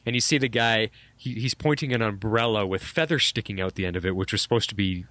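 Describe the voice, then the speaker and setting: A man co-hosting a podcast, talking eagerly and doubling up words as he restarts his sentences. His voice sits fairly low, and the recording is dry and close. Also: quick pace, sharp tone, no room sound. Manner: enthusiastic, repeats words as he restarts. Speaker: podcast co-host. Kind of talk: casual TV recap chat.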